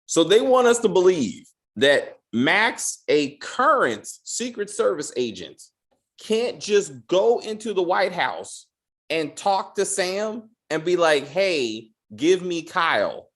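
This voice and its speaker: A man co-hosting a casual TV review podcast, swearing freely and acting out characters' lines in quick exasperated bits. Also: high-pitched, sing-song, fairly bright tone. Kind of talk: casual spoiler review chat.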